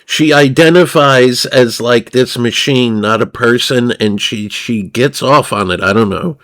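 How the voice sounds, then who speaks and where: Male streamer, crude rambling chatter, slow and drawling, average pitch. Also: fairly bright tone. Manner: profane, rambling, laughs at himself. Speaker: livestreamer.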